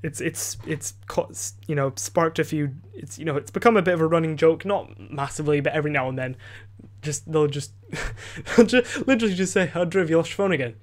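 On his podcast, a teenage boy rambles quickly through a story in a slightly high voice, picked up by a desk microphone. He keeps restarting sentences, leans on "like" and "you know," and swears without a second thought.

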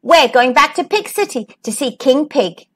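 A woman's voice: sits high, normal speed. A woman voicing a nervous, eager male pig corporal in a storybook reading. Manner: excited, pleading.

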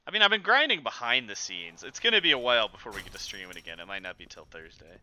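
A man's voice: fairly low pitch, big pitch swings, fast talker, sharp tone. A man streaming a game speedrun, chatting casually to viewers with self-deprecating, sarcastic frustration.

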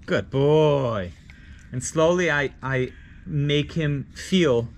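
A man, a dog trainer, explaining his method while giving gentle short commands and praise. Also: fairly high pitch, drawn-out words.

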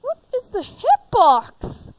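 A woman's voice: very high-pitched, huge pitch swings, heavily acted, low-quality recording. A woman voicing a jumpy, easily flustered young male animatronic leader who stammers, for a fan machinima. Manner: stammering, quick outbursts and exclamations.

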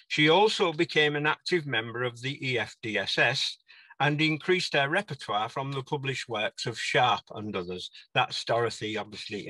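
Bright-voiced older man presenting research. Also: medium pitch, no echo. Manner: sings song snatches in a put-on country dialect. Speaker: conference speaker. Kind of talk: presentation on folk song research.

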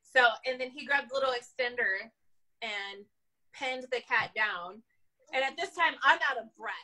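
A woman, an animal control officer, telling a story from her work in an animated, casual way, laughing often. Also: on the high side, moderate pace, low-quality recording.

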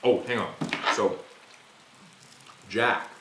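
An actor playing an excitable young man, telling a work story in a casual, slangy way in a naturalistic short film. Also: lowish voice, drawn-out words. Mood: excited. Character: restless, excitable young man who misses office life. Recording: echoey room with rain noise. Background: rain.

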